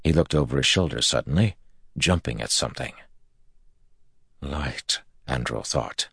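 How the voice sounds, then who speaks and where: A man narrates an audiobook in a measured, storytelling way. His voice is extremely deep and gravelly, with a husky grain, and the recording is close and dry. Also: expressive, sharp tone, no echo. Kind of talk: scripted narration.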